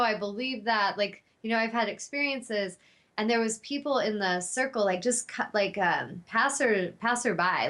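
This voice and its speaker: A woman's voice: medium pitch, fairly bright tone. Heartfelt woman telling a spiritual story. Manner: heartfelt, spiritual, rambling with fillers. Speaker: talk show host. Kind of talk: personal storytelling monologue.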